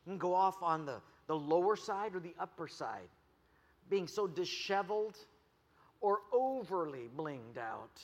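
A man preaching a sermon as pastor, animated, telling stories and putting on voices for the people he quotes. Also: sits high, measured pace. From United States. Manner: animated storytelling with jokes and acted quotes. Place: church. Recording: long reverb of a church hall.

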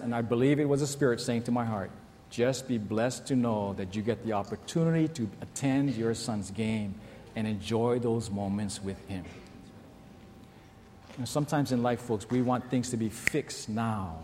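A man's voice: mid-range voice, big-room sound, a little hiss or hum. A middle-aged man, a pastor, preaching a sermon in a church, telling stories animatedly and acting out the people in them. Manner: animated storyteller, acts out shouts and kids' voices. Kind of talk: sermon with storytelling.

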